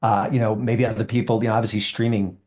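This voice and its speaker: A man's voice: fairly low pitch, flat delivery, fast talker, a little mellow. A middle-aged man, an entertainment critic, chatting in a casual interview over a video call, easygoing and rambling as he thinks aloud. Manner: easygoing and rambling, many fillers and restarts.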